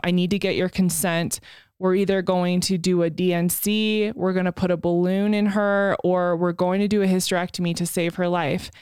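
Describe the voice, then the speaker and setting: A woman and new mother calmly recalling what happened to her, in a reflective way. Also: on the low side, smooth, no echo, clean studio sound. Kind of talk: casual conversation.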